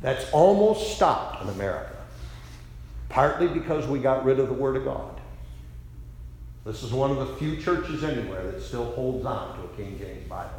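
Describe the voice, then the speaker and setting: A middle-aged male pastor preaching a revival sermon, telling a story with fervor, rising to loud declarations and dropping to hushed quotes. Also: mid-range voice, lively intonation, normal speed, slight background noise. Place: large church sanctuary. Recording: very echoey church hall reverb.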